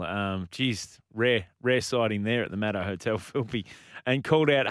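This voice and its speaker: A man's voice: mid-range voice, normal speed, few pauses, a bit bright, smooth, dry recording, clean studio sound. A man co-hosting a radio show, casually reading out listener texts. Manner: casual, hesitant with fillers. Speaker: radio co-host.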